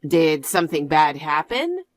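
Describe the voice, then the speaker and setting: A gentle middle-aged mother in a storybook tale, calm and apologetic, voiced by a woman. She speaks softly with a lively rise and fall. The sound is dry and close. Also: low-pitched, measured pace, no room sound, voice pushed down.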